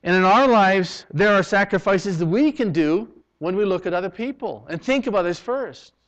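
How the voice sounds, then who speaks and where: On a dull, lo-fi recording, a male pastor from Canada preaches, shifting from loud emphasis to quiet, hushed lines. He sounds expressive, with a voice that sits high and a moderate pace.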